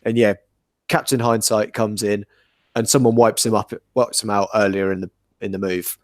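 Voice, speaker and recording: A man's voice: on the low side, steady tone, moderate pace, no echo. Man explaining in a dry recording. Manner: analytical and explanatory. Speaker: podcast co-host. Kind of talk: casual podcast chat.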